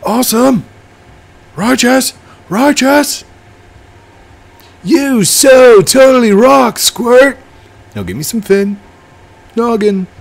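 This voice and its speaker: A man voicing an over-the-top, shouty surfer-dude character in a game video. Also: very high-pitched, animated, slow, vocal fry, pauses often, voice pushed up, heavily acted. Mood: ecstatic. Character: hyper surfer-dude man, wildly excited.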